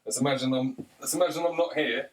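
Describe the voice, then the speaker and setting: A man's voice: mid-range voice, fast talker, distant mic. A man rambling through a crude comic monologue, chatty and repeatedly urging the listener on. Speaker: comedian.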